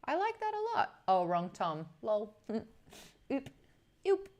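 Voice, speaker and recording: A woman's voice: on the high side, wildly swooping pitch, darkish tone. Bubbly young Australian woman streamer. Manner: chatty, bubbly, quick to laugh. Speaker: live streamer. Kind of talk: casual live-stream chat, reading viewer comments aloud.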